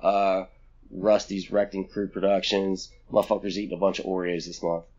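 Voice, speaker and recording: A man's voice: low voice, flat delivery, normal speed, darkish tone, dull audio. A man co-hosting a casual podcast chat, blunt and profane, rambling from one thought to the next. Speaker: podcast co-host.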